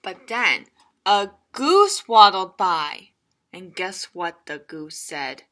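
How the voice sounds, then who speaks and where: A children's librarian reading a picture book aloud, playful and animated, with laughing asides. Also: female voice, on the low side, takes it slowly.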